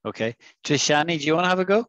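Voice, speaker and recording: A man teaching an English vocabulary lesson in an online class, patiently coaxing students and modelling pronunciation slowly. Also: a little high, lively intonation, a bit bright, dry recording, poor audio. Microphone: video call.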